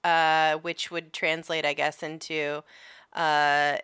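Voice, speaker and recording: A woman's voice: sits low, little pitch movement, takes it slowly, a bit bright, clean tone, dry recording, studio quality. A woman co-hosting a podcast in casual chat, laid-back and swearing, reading out historical facts. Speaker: podcast co-host.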